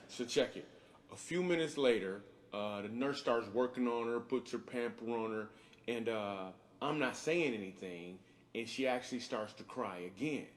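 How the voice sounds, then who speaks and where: A man, a comedian and father, narrating a faith video in a relaxed, enthusiastic, conversational way. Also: medium pitch, normal speed. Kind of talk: video testimony.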